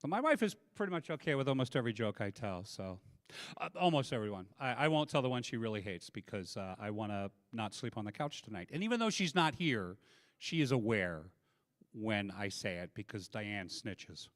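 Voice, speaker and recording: Speaking a little fast in a lowish voice, a middle-aged man performs a stand-up set on a live stage with a handheld mic. His humor is self-deprecating, delivered through animated storytelling.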